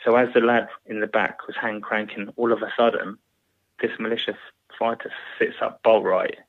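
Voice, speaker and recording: A British man in his thirties recounts a hard story in a low, flat voice, halting and restarting as he goes. The sound is thin and phone-like, with no room sound at all. He speaks plainly, as a guest talking through his memories. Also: no echo. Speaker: guest, former soldier. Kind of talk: recounting a war story in an interview. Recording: tinny phone-like line, dry.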